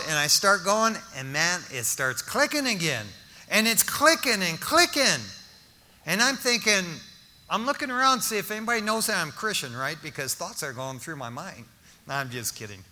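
A man's voice: high-pitched, lively intonation, normal speed, bright, forceful tone. An older man preaching, telling a personal story with jokes, restarts and acted-out dialogue. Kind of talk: storytelling sermon testimony. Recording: long reverb of a large hall.

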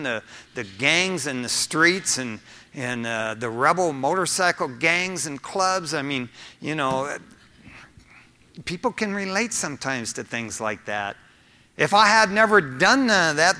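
A man's voice: fairly high pitch, pushed and bright. A middle-aged male pastor preaching a sermon in an earnest, conversational way, mixing teaching with personal asides. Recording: long hall reverb.

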